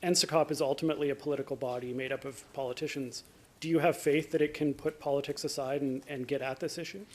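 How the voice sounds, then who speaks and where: A man's voice: on the high side, fairly even intonation, quick pace, a little mellow. A man asking a question as a journalist at a press conference.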